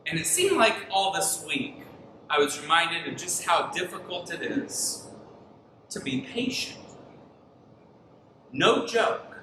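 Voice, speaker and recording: A man in his thirties preaching a sermon as pastor, telling stories in an animated way and sounding tired from little sleep. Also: fairly high pitch, takes it slowly, long pauses, noisy background. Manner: animated storytelling, rising to near-shouts in frustration. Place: church sanctuary. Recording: echoey room, mic at a distance.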